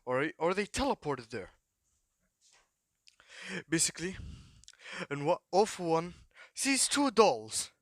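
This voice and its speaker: A man rambling through a made-up fan story, hyperactive and swearing constantly. His voice sits slightly high, and the sound is close and dry, with no room echo. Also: big pitch swings, slow pace, long pauses, fairly bright tone. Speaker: YouTube storyteller. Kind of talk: improvised fan-fiction narration.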